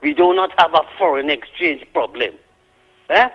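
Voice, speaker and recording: A Trinidadian man phoning into a talk radio show, his voice sitting a bit high and coming through a muffled, narrow line. He talks in a heated, indignant rush, circling back to his complaints. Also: wildly swooping pitch, normal speed, slightly rough. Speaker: caller. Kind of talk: call-in radio rant.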